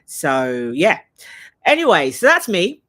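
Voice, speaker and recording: A woman's voice: on the low side, wildly swooping pitch, takes it slowly, a bit bright. A woman with an English accent, chatting casually and rambling on a live stream while moving around her home. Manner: chatty and rambling, thinking aloud. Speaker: leadership trainer hosting a live Q&A.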